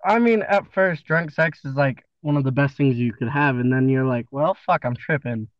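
A man's voice: medium pitch, normal speed, dry recording. A young man, the host's brother, adding blunt, crude side comments to a casual podcast chat. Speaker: co-host. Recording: dull lo-fi dry sound.

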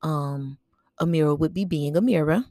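A female podcaster with a low, mellow voice shares a personal memorial story at normal speed, reflective and chatty, using fillers and often asking "right?" The recording is dry and studio-clean.

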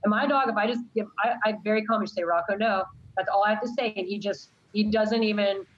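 A woman's voice: medium pitch, quick pace, dull audio. A woman who teaches college science, talking earnestly and with strong opinions in a casual chat.

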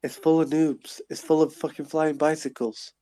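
A man's voice: a little high, flat delivery, moderate pace, warm tone, no echo. A man trading crude, teasing mock insults in casual banter on a live stream.

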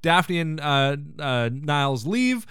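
A young man hosts a casual comedy podcast. His voice is smooth and crisp and sits a little high for a man. It swoops animatedly up and down as he tosses off crude jokes and breezy summaries, all heard close up in a dry, dead room. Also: sing-song, takes it slowly, a bit bright, dry recording. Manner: irreverent, crude jokes, breezy paraphrasing of scenes. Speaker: podcast host. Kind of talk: casual comedic episode recap.

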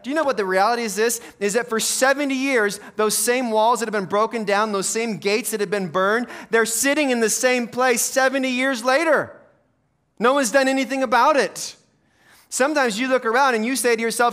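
High-voiced preaching man, soft to fervent. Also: normal speed, clear, resonant tone. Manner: dynamic preaching, swinging from soft and low to loud and emphatic. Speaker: pastor. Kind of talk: sermon. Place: church.

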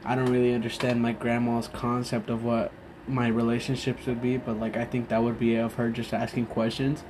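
Drunk young guy rambling on, trips over his words and swears a lot, average pitch. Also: monotone, noisy background. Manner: halting, loses his train of thought, swears often. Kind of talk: casual rambling monologue.

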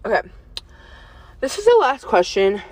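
A woman's voice: mid-range voice, very animated, normal speed, a little mellow, breathy edge. Giggly rambling young woman podcaster. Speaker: podcast host. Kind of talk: casual chat between friends. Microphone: phone.

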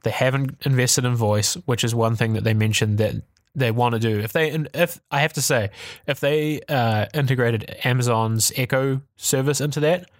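A man co-hosting a casual tech podcast, talking in an animated, ranty way with swearing and laughter. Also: medium pitch, normal speed, dry recording, studio quality. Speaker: podcast co-host.

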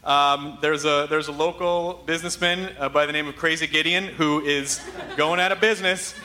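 A man's voice: fairly high pitch, fairly even intonation, normal speed, bright, forceful tone. A man hosting a live comedy podcast on a theater stage, hyper, rambling and profane. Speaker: podcast host. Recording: live venue with crowd noise.

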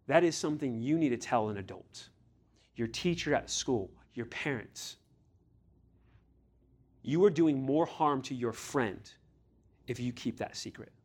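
This youth pastor, with a mid-range voice, preaches in an earnest, direct way. Blunt questions push at his audience, and now and then he performs the scriptural voices.

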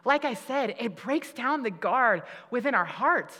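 A woman's voice: a little high, animated, unhurried, fairly bright tone. A woman giving a conversational sermon, laughing at herself and restarting her sentences often, with many fillers. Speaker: preacher. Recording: long hall reverb.

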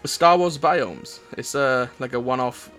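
A man's voice: mid-range voice, measured pace, fairly bright tone, soft background music. A man with a Welsh accent co-hosting a casual podcast on a headset mic, rambling with lots of fillers and restarts. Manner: rambling, hesitant, many fillers. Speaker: podcast co-host.

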